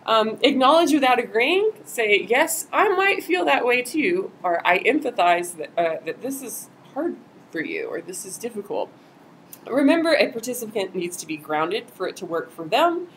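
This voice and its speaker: A woman's voice: medium pitch, very animated, normal speed, slight background noise, poor audio. A woman volunteer trainer giving a casual live-streamed training talk, acting out example quotes as she goes.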